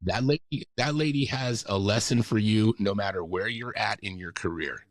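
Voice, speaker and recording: A man's voice: on the low side, moderate pace, no echo. A man in his fifties, a radio announcer and voice actor, talking enthusiastically as a podcast guest, laughing often and dropping into announcer reads. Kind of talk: casual podcast interview.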